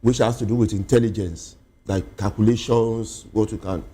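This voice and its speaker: Halting man explaining education. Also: fairly low pitch, fairly even intonation, warm tone, husky. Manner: halting, explanatory, many fillers. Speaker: educationist, studio guest. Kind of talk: TV studio interview.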